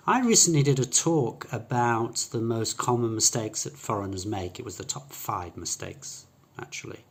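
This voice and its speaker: Medium-pitched and slightly rough, this man's voice has lively intonation at a normal speed. Teaching English pronunciation, he patiently explains through fillers and restarts, contrasting sounds to show the difference.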